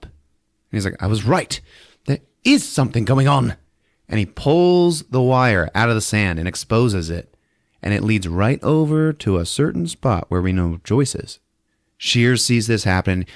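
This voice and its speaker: A man hosting a podcast who recaps a movie in casual, animated speech, swearing and acting out the scenes. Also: fairly low pitch, dry recording, clean studio sound. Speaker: podcast host. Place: podcast studio.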